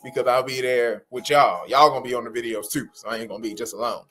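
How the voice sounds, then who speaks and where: A man's voice: mid-range voice, steady tone, quick pace, fairly bright tone. A man hosting a livestream for sign language interpreters, talking casually and informally to viewers, often repeating phrases for emphasis. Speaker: host of an interpreting practice livestream.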